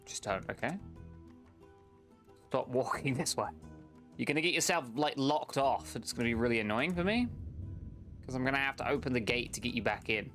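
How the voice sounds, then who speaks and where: A man's voice: mid-range voice, lively intonation, moderate pace, long pauses, a bit bright, faint music behind. Swearing man streaming a game. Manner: exasperated, swears at the game's characters, laughs often. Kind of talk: casual live gameplay commentary.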